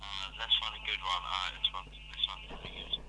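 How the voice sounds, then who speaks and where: A man's voice: deep voice, little pitch movement, a little fast, crowd noise. A man chatting on a phone call as a podcast host, reluctant and mumbling, swearing casually as he goes.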